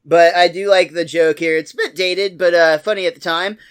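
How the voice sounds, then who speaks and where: Laughing podcast host recapping an episode. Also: male voice, high-pitched, fairly even intonation, a little fast, smooth. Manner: laughs often while retelling scenes.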